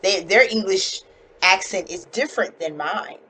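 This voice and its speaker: A woman with a standard North American accent gives a one-on-one English lesson over a video call. She speaks at a very unhurried pace in a middle pitch, patiently spelling things out, with a faint hiss of noise behind her. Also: pushed and bright, rough recording. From United States. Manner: slow, clear, patient explaining. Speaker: online English teacher.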